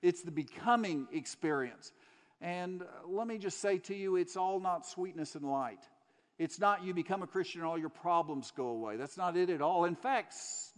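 A man preaching in a fairly high voice, telling a story with earnest emphasis and building on repeated phrases. His words ring out with a long reverb in a large church hall. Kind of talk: sermon.

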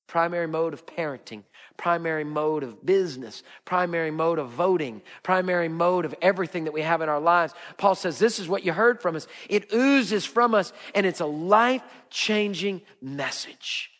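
A middle-aged man preaching a sermon, swinging between emphatic repeated lines and hushed low ones. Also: moderate pace, big-room sound. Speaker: pastor.

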